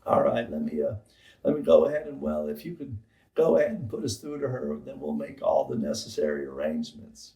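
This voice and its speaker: A man impersonating a former male president on the phone, in a deep, official, stentorian voice that keeps stammering nervously. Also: very animated, brisk, vocal fry, dark tone, echoey room, distant mic, poor audio.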